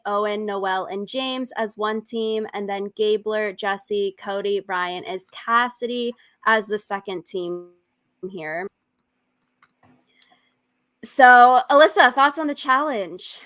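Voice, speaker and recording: A woman's voice: fairly high pitch, slow, a bit bright, clean tone. Chatty young woman co-host. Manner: chatty, laughs often. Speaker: podcast co-host. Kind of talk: casual recap chat.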